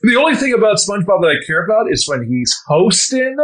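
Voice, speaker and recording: A young man co-hosting a podcast, his voice a bit high. He tells stories casually, padding them with "like" and other fillers. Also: sing-song, brisk, a bit bright. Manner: filler-heavy storytelling, lots of "like". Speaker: podcast co-host. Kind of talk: casual chat.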